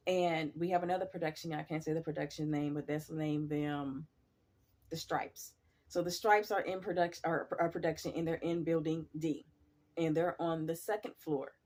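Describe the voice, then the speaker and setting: A woman's voice: low voice, darkish tone. A woman casually telling a story in a blunt, profane, chatty way.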